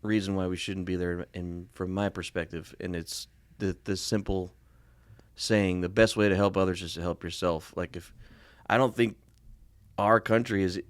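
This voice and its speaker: A man's voice: low voice, steady tone, normal speed, no room sound. A man co-hosting a casual podcast who jokes crudely and cuts in with quips. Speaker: podcast co-host.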